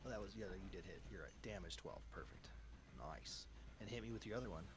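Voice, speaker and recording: This man talks fast in a fairly low voice while running a tabletop game on a livestream as the dungeon master. He keeps things cheerful, cheers his players on, and addresses them as "dude."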